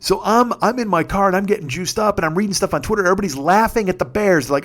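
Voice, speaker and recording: A man in his fifties, on the higher side for a male voice, spins a rambling story in loose, conversational monologue. He swears freely and gets worked up easily, his voice climbing whenever he gets excited. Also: fast, few pauses. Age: 50s. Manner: profane, excitable, shouts when reliving moments. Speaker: podcast host.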